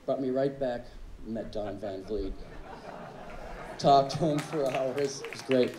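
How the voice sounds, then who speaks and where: A man, a drummer, telling relaxed, wry anecdotes in a tribute speech on a live club stage. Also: medium pitch, slow pace, some chatter behind, a little hiss or hum. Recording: echoey club with faint ambience.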